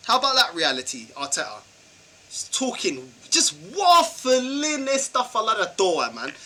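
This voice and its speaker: Fan vlogger, man. High, bright, husky voice; exasperated, slangy, fires off rhetorical questions. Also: huge pitch swings, unhurried, poor audio. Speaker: football channel vlogger. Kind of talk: football fan rant vlog.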